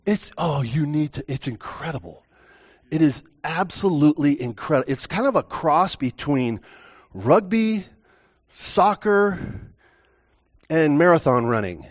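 Slow-talking joking male pastor. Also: on the high side, big pitch swings. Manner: slow, joking, chatty with the congregation. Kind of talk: relaxed sermon with banter. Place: church.

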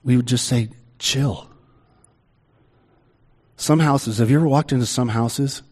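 A middle-aged man preaching a sermon in a conversational way, with slow, emphatic pauses. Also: mid-range voice, a little mellow, breathy edge. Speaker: pastor.

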